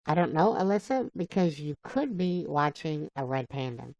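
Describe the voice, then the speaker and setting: Low, gravelly woman chatting on a lo-fi stream. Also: sing-song, darkish tone, no room sound. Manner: rambling, halting, answers viewer comments by name. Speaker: livestream host. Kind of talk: casual live-stream chat with viewers. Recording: dull lo-fi dry sound.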